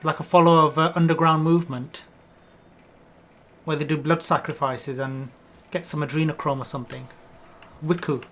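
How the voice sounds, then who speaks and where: A man's voice: a little high, steady tone, moderate pace, long pauses, fairly bright tone. A man hosting a let's play, riffing jokingly in casual gameplay commentary from a home gaming setup. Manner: joking, rambling riffs on a word.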